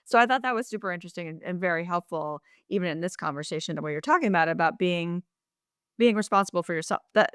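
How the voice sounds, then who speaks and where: With a lowish voice at a quick pace, this woman co-hosts a casual podcast, and the recording is clean, studio quality, free of room sound. She rambles animatedly with frequent restarts and asides, voicing quoted phrases in different characters.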